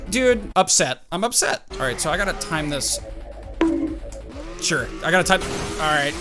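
A man in his let's-play commentary, reacting with excitable outbursts and talking back at the game as he plays. His voice sits fairly high and swings up and down a lot. Game music plays clearly underneath him. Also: moderate pace, long pauses. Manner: excitable, talks to the game and himself, jumpy outbursts. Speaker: gaming YouTuber.

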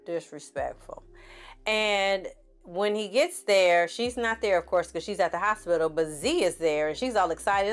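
A woman's voice: medium pitch, lively intonation, normal speed, faint music behind. A woman giving a sassy, chatty recap of a TV series and acting out the characters' lines as she goes. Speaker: TV series reviewer. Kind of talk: casual recap commentary.

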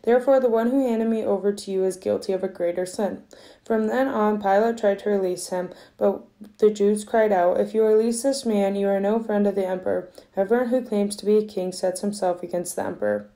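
Soft-spoken woman reading scripture. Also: mid-range voice, fairly even intonation, brisk. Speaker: scripture reader. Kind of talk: reading the Passion aloud in church.

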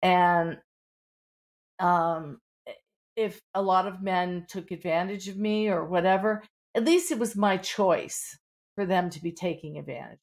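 On a podcast, a middle-aged author with a Pittsburgh accent is interviewed and speaks candidly, her talk full of "you know." Her voice runs low and she keeps a measured pace.

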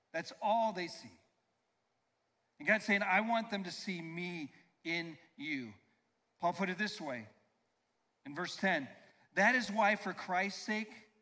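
A pastor preaching a sermon with emphasis. He slows down to stress key phrases and leads the congregation in call-and-response. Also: sits high, sharp tone. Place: church sanctuary. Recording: long reverb of a church hall.

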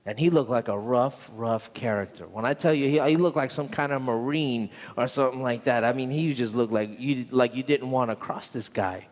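A man's voice: mid-range voice, normal speed, hardly any pauses, long reverb tail. A man pastor preaching a sermon, telling a story earnestly and often repeating words, in a church sanctuary.

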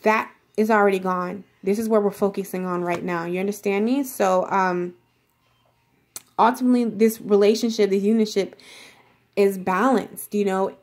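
A woman's voice: medium pitch, steady tone, normal speed, darkish tone. A woman giving a casual tarot reading, talking straight to the viewer in a rambling, reassuring way full of filler words. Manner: addresses viewer directly and reassuringly. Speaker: tarot reader.

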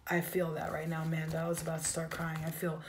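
A woman's voice: low voice, monotone, fast. A woman giving a live tarot reading, emotional and direct, speaking straight to her viewers. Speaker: tarot reader.

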